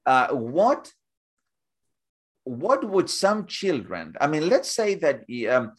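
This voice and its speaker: A man talking as a guest in an interview, halting and repeating words as he builds up examples. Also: on the high side, wildly swooping pitch, husky. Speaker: guest speaker. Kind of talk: conversational interview.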